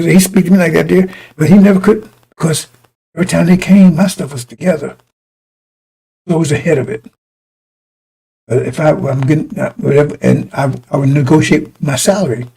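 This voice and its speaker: A man's voice: fairly high pitch, moderate pace, creaky, long pauses, mellow, slightly rough, poor audio. A middle-aged man preaching informally to his congregation, blunt and profane, rambling through personal stories with many restarts.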